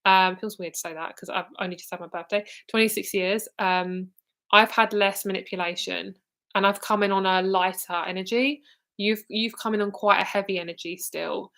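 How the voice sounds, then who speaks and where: Speaking at a moderate pace with fairly even intonation, this British psychic reader in her twenties has a slightly bright, mid-range voice. Her live reading is loose and meandering, dotted with fillers, false starts and swear words.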